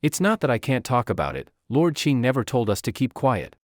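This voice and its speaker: A man's voice: mid-range voice, big pitch swings, brisk, dry recording, clean studio sound, close to an everyday voice. A man voicing a blunt, unimpressed male guard at a village gate. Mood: dismissive.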